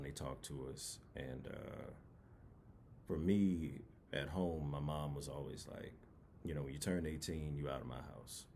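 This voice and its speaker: A young man from New Orleans tells a personal story in an easygoing, rambling way. His voice sits very low, with a dark, mellow tone. A faint hiss runs under the recording. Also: creaky. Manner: laid-back, rambling with many fillers. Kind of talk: casual storytelling.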